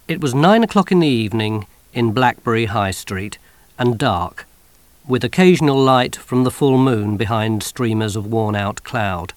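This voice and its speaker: A man narrating an audiobook in an expressive, wry storytelling manner on a close studio mic. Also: medium pitch, moderate pace, no echo.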